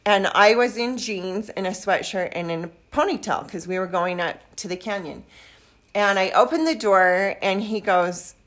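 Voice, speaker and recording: A woman's voice: mid-range voice, moderate pace. An older grandmother in a casual interview, telling stories from her youth and acting out bits of dialogue. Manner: lively storyteller who acts out quoted dialogue.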